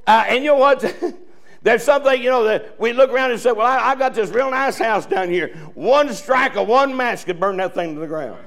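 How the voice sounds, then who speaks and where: A man preaches a sermon in a folksy, joking way, chuckling and restarting his sentences. His voice sits high and carries a gravelly rasp. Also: normal speed, fairly bright tone. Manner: folksy, joking preaching with laughs and repeated starts. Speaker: pastor.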